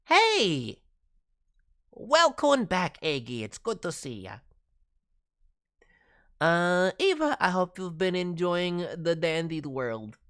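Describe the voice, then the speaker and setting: A man's voice: on the high side, big pitch swings, fairly bright tone, smooth. A man streaming as a voice actor, giving chatty, encouraging advice on demos and voice work. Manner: chatty and encouraging, many fillers and quick asides. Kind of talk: casual livestream advice.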